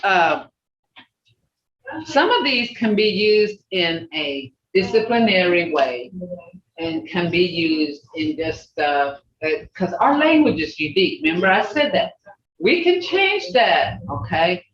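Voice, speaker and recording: Older woman, language teacher, slow and patient, lively pitch, roomy lo-fi call audio. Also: distant mic, slight background noise. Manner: patient, repeats words slowly for learners. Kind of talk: online language class. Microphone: video call.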